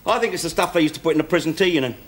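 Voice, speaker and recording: A man's voice: a little high, animated, rapid-fire, heavy background noise, lightly acted. An actor playing a wisecracking ex-convict father, teasing and sardonic, on old TV sitcom audio. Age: 40s. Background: studio audience laughter.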